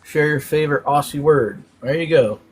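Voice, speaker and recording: A man's voice: on the high side, normal speed, breathy edge. A man hosting a casual live stream, animatedly explaining slang terms one by one and laughing often.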